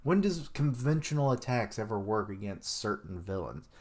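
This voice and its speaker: A man reading a manga chapter aloud on a live stream, chatting and thinking out loud as he goes. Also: on the low side, big pitch swings, moderate pace.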